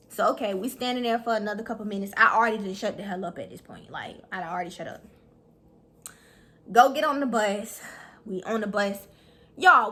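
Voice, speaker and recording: A young woman telling a story to her viewers in a blunt, profane, animated way. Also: fairly high pitch. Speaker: vlogger. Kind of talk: storytime vlog.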